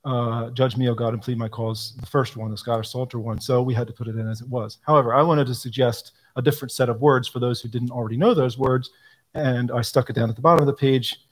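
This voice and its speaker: A man's voice: medium pitch, fairly even intonation, quick pace. Man explaining hymnal choices. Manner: thoughtful, explanatory, frequent ums, quotes hymn lines aloud. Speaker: hymnal editor answering questions. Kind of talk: live Q&A talk.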